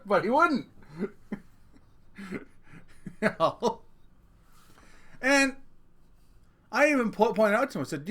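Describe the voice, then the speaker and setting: A middle-aged man with a fairly high voice hosts a casual rant podcast. He jokes, swears freely and keeps talking straight to his listeners, tossing in little asides. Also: sing-song, takes it slowly, pauses often, fairly bright tone. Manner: profane, joking, talks straight to listeners. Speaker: podcast host.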